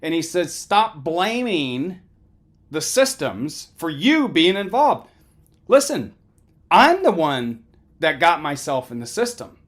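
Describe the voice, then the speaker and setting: Animated middle-aged man giving a pep talk. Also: on the high side. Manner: conversational, emphatic, keeps asking "right?". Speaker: counselor giving a lecture. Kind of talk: motivational talk.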